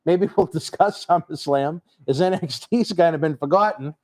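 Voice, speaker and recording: A man hosts a wrestling livestream in an upbeat, chatty way, reading out fan messages. His voice sits high for a man. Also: normal speed, a little mellow. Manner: upbeat, calls people baby. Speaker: show host. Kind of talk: livestream hosting.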